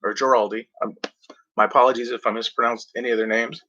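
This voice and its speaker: A man chats about old movies in a loose, rambling way, stopping often to clear his throat and stumble over words. His voice sits at an ordinary middle pitch. The recording sounds a little dull and lo-fi. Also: little pitch movement, sharp tone. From Mexico. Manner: rambling, halting, frequent throat clearing and fillers. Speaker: movie reviewer. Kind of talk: casual movie talk, reading back covers.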